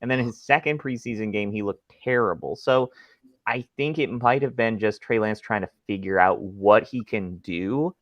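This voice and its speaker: A man's voice: on the low side, moderate pace, no room sound. A man co-hosting a fantasy football podcast, teasing his friends and giving firm opinions on players. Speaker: podcast co-host. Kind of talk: casual fantasy football chat. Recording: dry, muffled lo-fi mic.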